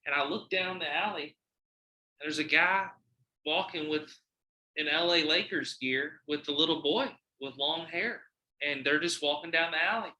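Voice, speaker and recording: A podcast host spins a wild story in a bright, sharp voice that sits a little high for a man. He swears freely and acts out every quote. The room around him is echoey. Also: a little slow. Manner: animated, profane storyteller who acts out quotes. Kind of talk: casual podcast chat, storytelling.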